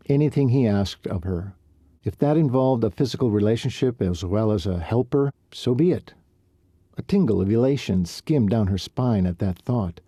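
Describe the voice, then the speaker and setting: Deep, dark-toned male audiobook narrator. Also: husky, no room sound, studio quality. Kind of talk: audiobook narration of a romance novel.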